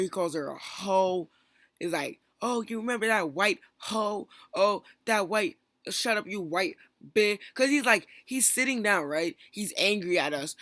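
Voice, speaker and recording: A young man telling a long, rambling storytime about an online feud. He keeps restarting and slips into quick quoted bursts of what others said. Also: a little high, a bit bright, no echo. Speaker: stream moderator. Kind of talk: casual storytime rant.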